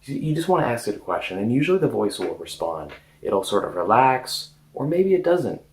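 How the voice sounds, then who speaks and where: A man speaking as a coach in a casual self-help talk, gentle and hesitant, often restarting his sentences. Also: medium pitch, sing-song, fairly quick, rough recording.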